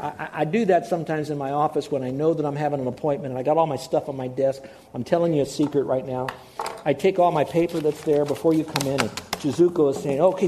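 A middle-aged male pastor delivers a sermon with a mellow, warm tone pitched a touch high. He talks in an animated way, doubling back on key words to drive them home. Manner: animated, repeats words for emphasis. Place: church in Hawaii.

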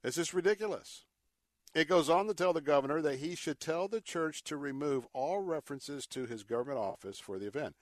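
Speaking a bit quickly with lively intonation and a voice on the high side, this radio host vents indignant, emphatic opinions, repeating words for effect and dropping sarcastic, folksy asides. It's a studio-quality recording free of room sound.

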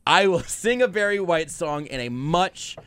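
A man hosting a sports talk radio show, delivering brash, animated hot takes at a rapid clip. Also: sits high, smooth, no room sound. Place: radio studio.

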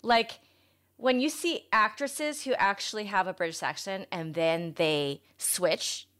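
A woman co-host chimes in playfully and with lively energy. Her voice sits at an ordinary pitch and the talk is relaxed and casual. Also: unhurried. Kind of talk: casual conversation.

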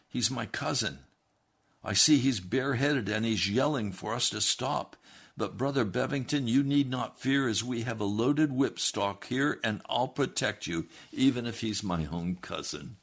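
Man playing a calm protective countryman, earnest and reassuring, slightly raised pitch. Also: unhurried, slightly rough.

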